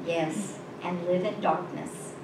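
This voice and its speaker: A woman voicing a calm, gentle male stranger who speaks softly and sadly, recorded from a distance in an echoing room with background noise. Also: medium pitch, slow pace. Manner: soft, calm, sad.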